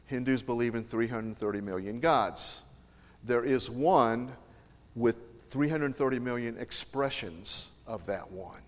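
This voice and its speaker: Middle-aged preacher in a reverberant hall. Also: male voice, mid-range voice, a little slow. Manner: emphatic, earnest storytelling with frequent restarts. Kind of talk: storytelling sermon. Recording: long reverb of a large hall.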